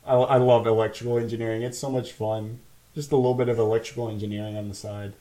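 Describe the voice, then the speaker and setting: A young man hosts a casual podcast chat with his friends. His voice sits at a medium pitch. He jokes and slips in dry asides. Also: flat delivery, fast, dark tone. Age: young adult. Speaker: podcast host.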